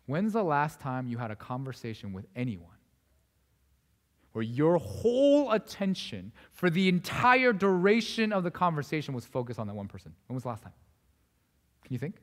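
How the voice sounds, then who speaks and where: A young male pastor with a high, light voice preaches a casual, conversational sermon. He acts out the people in his story and often drops to quiet asides. His voice rings through a hall with a long reverb. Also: sing-song, normal speed.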